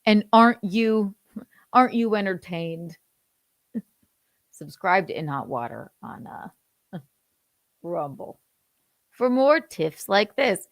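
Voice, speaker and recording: A woman in her thirties hosting a casual livestream chat, animated and laughing, swearing freely and acting out how she yells. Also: mid-range voice, slow, long pauses, dry recording, studio quality. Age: 30s. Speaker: host.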